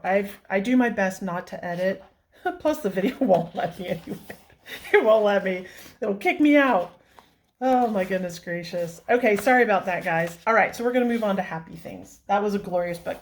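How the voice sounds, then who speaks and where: A woman hosting a coloring channel, chatting casually and gushing over books with soft exclamations and giggles. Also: medium pitch. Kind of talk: casual vlog, flipping through coloring books.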